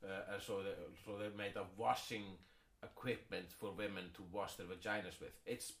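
A man co-hosting a casual comedy podcast, talking in a deadpan way with many halting restarts. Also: lowish voice, creaky. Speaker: podcast co-host. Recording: echoey room.

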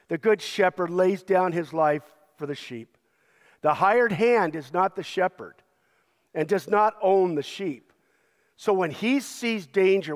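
A man's voice: on the high side, big-room sound. A male pastor preaching a sermon with an emphatic, repetitive cadence.

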